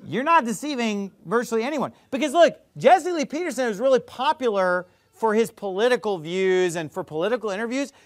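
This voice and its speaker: Casting: male pastor, high and very animated voice, emphatic preaching, dry close sound. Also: no room sound. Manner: emphatic, swings between loud and low, mimics others mockingly. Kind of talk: sermon.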